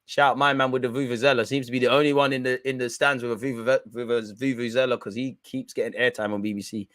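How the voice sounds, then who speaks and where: A young man giving excitable, banter-filled live reaction commentary on a football match. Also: medium pitch, fast, dry recording. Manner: excitable, banter-heavy, swears. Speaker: football watch-along streamer.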